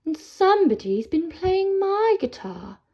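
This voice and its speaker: Casting: a woman playing a fussy mother troll, high and put out, for a storybook telling. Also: big pitch swings, unhurried, exaggerated voice. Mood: indignant. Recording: dull lo-fi sound.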